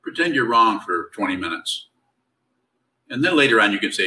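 Low-voiced man teaching from a distance. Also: normal speed, long pauses, a little hiss or hum. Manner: relaxed, conversational, wry and teasing. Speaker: meditation teacher. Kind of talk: spiritual Q&A teaching.

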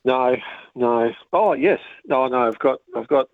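A man's voice: mid-range voice, a little slow, no room sound. A man calling in to a radio show, chatting in a friendly, rambling way over the phone. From Australia. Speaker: caller. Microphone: telephone. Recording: husky phone line.

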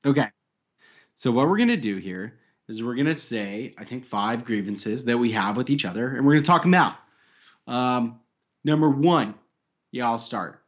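A man's voice: medium pitch, animated, moderate pace, muffled recording. A man co-hosting a podcast in casual banter, joking, laughing often and swearing. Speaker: podcast co-host.

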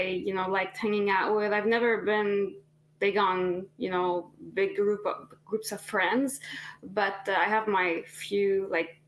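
A woman from Canada with an accent that mixes French and Arabic, speaking as a podcast guest in a reflective, hesitant way. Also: medium pitch. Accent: mix of French and Arabic. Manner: reflective, hesitant, with many restarts. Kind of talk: casual interview chat.

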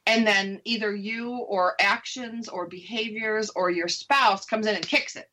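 A woman's voice: medium pitch, steady tone, a little slow, bright, forceful tone, a little hiss or hum. A woman radio host talking candidly about recovering from divorce in a casual conversation. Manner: chatty, candid, laughs easily. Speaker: radio show host sharing her divorce story.

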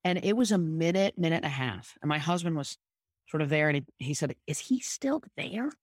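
A woman's voice: low voice, fast talker, dry recording, clean studio sound. A woman guest telling negotiation stories in a podcast interview, emphatic and punchy, repeating her key points. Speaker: guest, sports agent. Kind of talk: conversational storytelling in a podcast interview.

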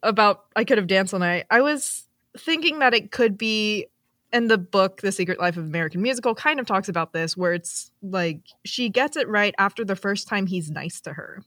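A woman's voice: medium pitch, lively intonation, moderate pace, fairly bright tone, no echo, studio quality. A woman guest on a casual podcast, talking through an idea thoughtfully with many "like"s. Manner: thoughtful, lots of "like" fillers.

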